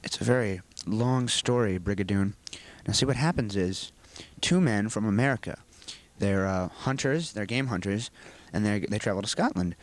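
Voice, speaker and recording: A teenage boy with a fairly low voice answers questions for a school video. He talks earnestly and rambles through long explanations. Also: moderate pace, hardly any pauses. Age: teens. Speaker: student actor being interviewed.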